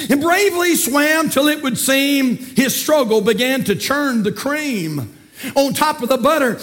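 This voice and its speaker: A man with a Southern US accent preaching a sermon from the pulpit, telling stories and calling the congregation not to quit. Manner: emphatic preaching that rises to shouts and drops low. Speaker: pastor. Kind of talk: sermon with storytelling. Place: church sanctuary, from the pulpit.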